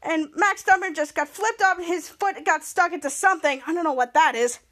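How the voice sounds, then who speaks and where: Woman, podcast host, very high-pitched, casual rambling recap, frequent restarts. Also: fairly quick, fairly bright tone. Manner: rambling, with restarts and stumbles over words.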